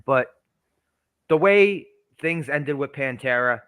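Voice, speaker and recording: A man's voice: a little high, animated, takes it slowly, a bit bright, clear, resonant tone, dry recording. A man chatting casually and giving blunt, opinionated takes, swearing as he goes. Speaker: podcast co-host. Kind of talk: casual chat.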